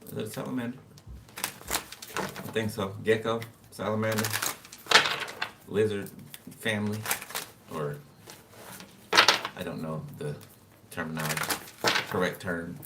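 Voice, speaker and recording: A lower-voiced man chats through a tarot reading in a loose, offhand way and laughs to himself between cards. He sits back from the microphone, and loud steady noise runs under his voice. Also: measured pace, pauses often. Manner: loose and chatty, laughs to himself, talks to the viewer while pulling cards. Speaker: tarot reader. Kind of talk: casual tarot reading monologue. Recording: distant mic with loud background noise.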